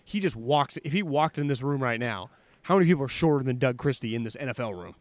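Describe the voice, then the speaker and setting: A man's voice: mid-range voice, fast talker, no room sound. A man co-hosting a sports podcast, telling anecdotes in casual chat and acting out what people said. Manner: animated storyteller, acts out quotes. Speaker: podcast co-host.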